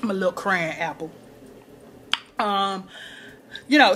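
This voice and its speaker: A woman's voice: unhurried, slight background noise. A woman recapping a TV episode in casual chat, acting out quotes and laughing often. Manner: animated, acts out quotes in a higher voice, laughs often. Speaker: TV recap vlogger.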